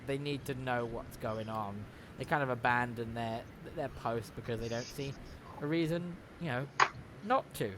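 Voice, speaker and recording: A man's voice: mid-range voice, fairly bright tone, slight background noise. A man narrating as game master in a tabletop game, casual and swearing freely.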